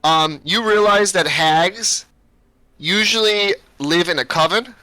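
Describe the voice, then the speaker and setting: A young man narrating a tabletop game as game master, describing scenes in a relaxed way with many fillers. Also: high-pitched, takes it slowly, dry recording, poor audio.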